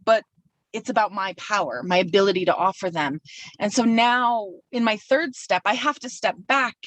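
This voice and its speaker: A woman's voice: medium pitch, dry recording, distant mic, poor audio. A woman delivering a sermon from a pulpit, reflective and personal, speaking her feelings aloud as she works through them. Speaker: minister.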